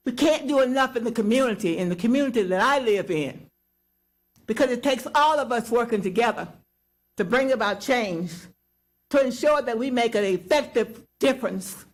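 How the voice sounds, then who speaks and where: A woman, a bereaved mother, making a slow, measured, solemn appeal during public comment at a council meeting. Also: fairly high pitch. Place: council chamber, speaking at a podium.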